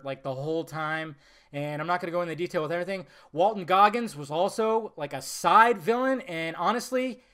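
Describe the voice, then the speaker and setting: A man giving a casual, blunt film review, swearing freely and talking in an animated way. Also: sits high.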